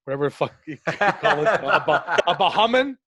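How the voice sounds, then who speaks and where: A man from Canada telling stories on a podcast in a casual, profane, animated way, acting out the people he quotes. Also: a little high, a little fast. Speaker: podcast co-host. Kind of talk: casual storytelling chat.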